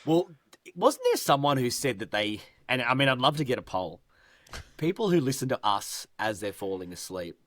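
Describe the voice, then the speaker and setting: Joking podcast co-host, dry mic. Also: male voice, mid-range voice, sing-song, moderate pace, fairly bright tone, no room sound. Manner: banter, jokey and crude. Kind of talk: casual chat.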